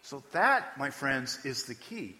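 A man delivers a sermon as pastor at a mid pitch, shifting between quiet, reflective asides and emphatic points. He talks casually and often asks the congregation questions. His voice carries a long reverb from a large hall. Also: sing-song, slow.

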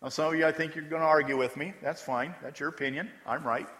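A man's voice: fairly high pitch, steady tone, fast, fairly bright tone. A man preaching a sermon as pastor, talking conversationally and repeating words for emphasis. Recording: long hall reverb.

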